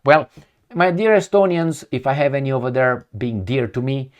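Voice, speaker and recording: A man's voice: medium pitch, animated, moderate pace. A man giving an angry, profane, mocking political rant with many fillers. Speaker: commentary vlogger. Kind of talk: ranting political commentary.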